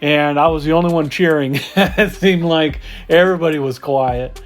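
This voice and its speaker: A man telling a casual, animated story about a football game he watched from the stands. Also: fairly high pitch, moderate pace. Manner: excited, animated game recap with laughs. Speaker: football fan.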